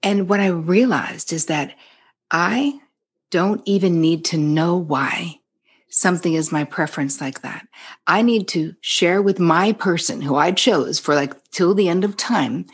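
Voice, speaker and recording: A woman's voice: on the low side, unhurried, husky. A middle-aged woman from New Jersey with a New Jersey accent, a psychotherapist talking casually on a podcast, candid, swearing freely and acting out the dialogue in her stories. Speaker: psychotherapist guest.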